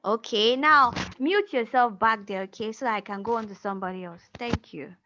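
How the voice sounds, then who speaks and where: A woman's voice: on the high side, normal speed, noisy background. A woman teaching a language class over a video call, patiently repeating words and prompting her students. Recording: muffled video call audio.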